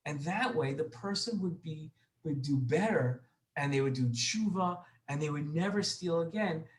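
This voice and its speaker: A children's Torah teacher telling a lesson story, gentle and repeating words for emphasis. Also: mid-range voice, expressive, normal speed, low-quality recording.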